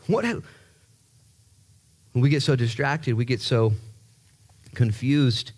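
A man preaching a sermon in a lively, joking way, repeating words and jumping up in pitch to stress a point. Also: moderate pace, long pauses, husky. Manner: animated, jokey, repeats himself, voice jumps high for emphasis. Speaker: pastor.

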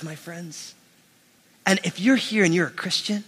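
High-pitched, bright-voiced male pastor preaching. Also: a little slow, gravelly, breathy edge. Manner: animated, emphatic preaching with sudden rises and drops. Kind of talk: sermon. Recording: long hall reverb.

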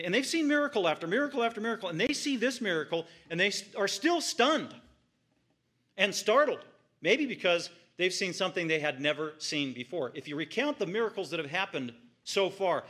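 A man's voice: sits high, fairly bright tone. A man preaching an expository sermon in church, reading scripture aloud and then explaining it with rising emphasis. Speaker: pastor.

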